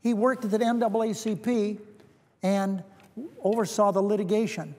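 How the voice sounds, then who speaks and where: A senator with a fairly high, mellow voice gives a formal floor speech, speaking deliberately with fairly even intonation and returning to key phrases for emphasis. A podium microphone picks him up, and the large legislative chamber adds a long reverb.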